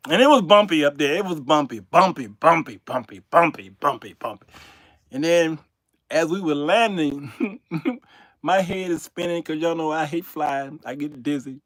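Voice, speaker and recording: An older man hosting his own show, telling a comic story to his viewers in an animated way and laughing through his own punchlines. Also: fairly high pitch, a little slow, dry recording, studio quality. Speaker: show host.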